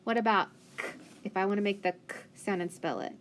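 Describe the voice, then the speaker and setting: A woman's voice: mid-range voice, a little fast, slight background noise. A woman teacher leading a phonics lesson for young children, patient and encouraging, asking questions and praising answers.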